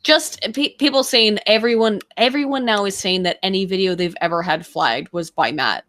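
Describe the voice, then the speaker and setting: A woman's voice: medium pitch, moderate pace, a bit bright. A woman with a strained, worn-out voice, chatting candidly and profanely on a livestream. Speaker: stream co-host. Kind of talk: casual livestream chat.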